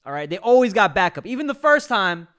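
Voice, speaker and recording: Excitable man reacting, bro-heavy. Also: high-pitched, brisk. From New York City, US. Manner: excitable, says "bro" constantly. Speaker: reaction video host. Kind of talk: reaction commentary.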